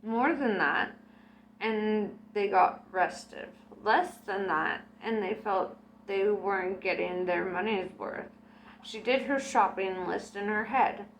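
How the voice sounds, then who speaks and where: A woman's voice: mid-range voice, takes it slowly, a little hiss or hum, low-quality recording. A young woman reading a novel aloud in a casual way, breaking off now and then to react to the story. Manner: chatty, breaks off to react and laugh. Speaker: audiobook reader.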